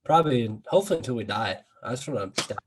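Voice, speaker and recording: A man's voice: medium pitch, animated, very fast, breathy edge, rough recording. Exasperated ranting man podcaster. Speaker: podcast co-host. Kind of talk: casual sports chat.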